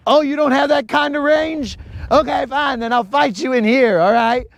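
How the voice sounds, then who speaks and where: Dude doing a cocky tough guy, high voice, trash talking, calls everyone bro. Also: a little slow, vocal fry, no echo, full character voice. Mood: taunting. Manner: slangy, taunting, shouty. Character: rowdy young man picking a fight with Wi-Fi.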